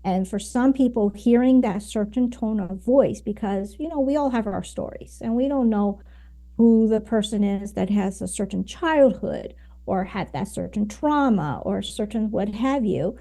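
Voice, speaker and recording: Woman podcast guest, warm mellow voice, explains things, lots of um and right. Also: mid-range voice, expressive, moderate pace. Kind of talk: conversational interview.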